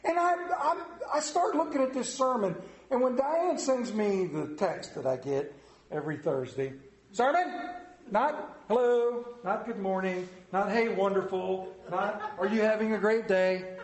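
A man preaching a sermon, telling a folksy story in an animated, storytelling way. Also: high voice, a little slow, roomy sound. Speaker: pastor.

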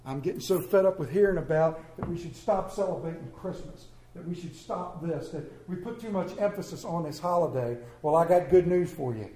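Male pastor, high-pitched yet mellow, fervent sermon delivery, echoey church room. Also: a little fast, few pauses. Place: church sanctuary.

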